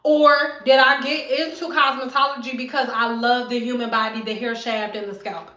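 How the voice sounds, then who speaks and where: Woman in her thirties, high voice, blunt and sassy vlogger; echoey bathroom, slightly dull recording. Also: fairly even intonation, normal speed, sharp tone. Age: 30s. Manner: sassy, blunt, acts out client exchanges. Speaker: hairstylist vlogger. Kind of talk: casual vlog rant. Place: bathroom at home.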